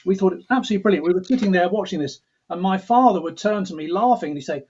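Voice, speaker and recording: A slightly high-pitched English man with a husky edge to his voice talks through his thoughts in a relaxed interview, stopping and restarting his phrases as he works out what he means. The sound is dull and lo-fi, like a remote call. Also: racing, hardly any pauses. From England. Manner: reflective, frequent restarts and repeated words. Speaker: composer guest.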